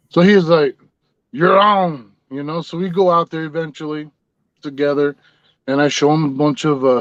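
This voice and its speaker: A middle-aged man with a slightly high voice tells a long story in a loose, rambling way. The sound is dry and a bit dull and lo-fi. He speaks as a guest on a podcast. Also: dry recording. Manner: rambling, laid-back storyteller. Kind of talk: casual storytelling.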